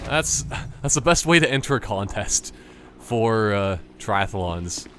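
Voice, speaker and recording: A young man rambling through casual gameplay commentary, his pitch swinging animatedly from high to low as he jokes. Faint game music plays underneath him. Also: animated, unhurried. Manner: rambling, jokey asides.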